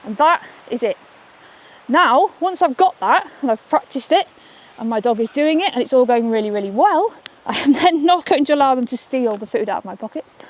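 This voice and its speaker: A woman's voice: high voice, lively intonation, moderate pace. A woman and dog trainer giving a chatty, upbeat outdoor demonstration on a walk, often checking in with "okay?". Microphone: camera she holds while walking.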